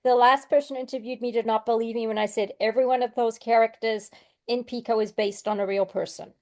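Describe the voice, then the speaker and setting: Lively, fairly high-voiced woman storyteller. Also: quick pace. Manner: animated storyteller. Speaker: guest actress. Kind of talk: casual interview chat.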